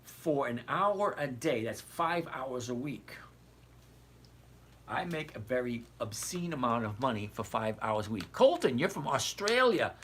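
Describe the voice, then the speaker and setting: A man's voice: mid-range voice, lively intonation, measured pace, a bit bright, a little hiss or hum. A man in his sixties hosting a casual livestream, rambling and digressive as he answers viewers by name. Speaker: trading livestream host.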